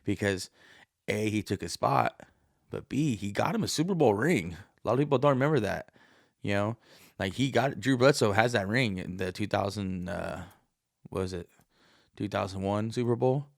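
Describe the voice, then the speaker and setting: A man with a low, gravelly voice rambles through a casual podcast monologue, swearing freely and slipping into quoted voices. The sound is dry and close, with no room echo. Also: lively intonation, normal speed. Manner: profane, meandering, acts out quoted voices. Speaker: podcast host.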